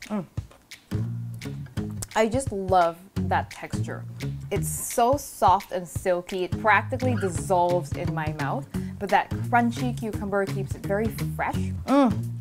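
A woman's voice: medium pitch, lively intonation, unhurried, over music. Cheerful woman hosting a cooking show. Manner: upbeat, chatty step-by-step instructions. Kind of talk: casual cooking demonstration.

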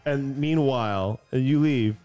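A man's voice: medium pitch, measured pace, mellow, soft background music. A man co-hosting a comedy show, laughing often and asking questions as he follows the story. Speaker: podcast co-host. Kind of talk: casual comedic banter.

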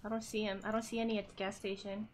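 A woman hosting a gaming channel, chatting casually with friends over a match; she gets excited fast, laughs a lot and swears freely. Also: medium pitch. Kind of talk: casual gameplay chat with friends.

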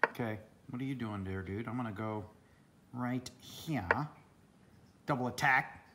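A man's voice: mid-range voice, unhurried, pauses often, very noisy. A man talking casually to camera at home in a vlog, chatty, often laughing and muttering to himself. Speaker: vlogger. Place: home indoors.

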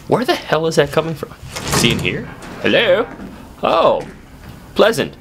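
A man giving horror game let's play commentary, talking to his viewers and swinging from low muttering to sudden yelping shouts. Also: wildly swooping pitch, fairly quick, noisy background.

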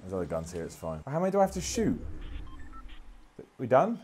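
A man's voice: medium pitch, wildly swooping pitch, brisk, a little mellow, breathy edge. A man giving self-deprecating, sweary commentary while playing a video game. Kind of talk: gameplay commentary.

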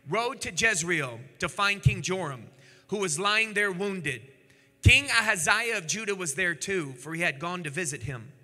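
A male pastor preaching a sermon, reading scripture dramatically, acting out the voices and building up to shouting. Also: sits high. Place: church sanctuary. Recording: long church hall reverb.

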